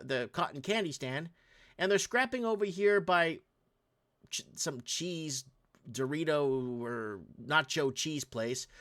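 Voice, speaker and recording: A man's voice: fairly high pitch, fairly bright tone. A man hosting a show, giving casual, ranting commentary over video clips and talking straight to viewers. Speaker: host.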